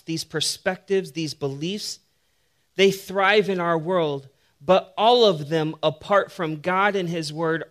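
A man's voice: high-pitched, a bit bright. A man preaching a sermon in a conversational, humorous way that builds to emphatic points.

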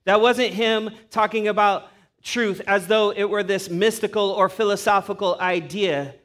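A man's voice: high voice, fairly even intonation, normal speed, a bit bright. A man preaching a sermon as pastor, earnest and emphatic.

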